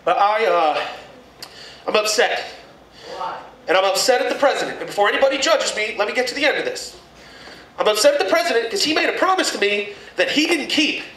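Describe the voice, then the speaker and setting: A man performing a crude, animated stand-up comedy set in a packed club. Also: sits high, a little fast, recorded from a distance. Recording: echoey room mic'd from afar, loud crowd laughter.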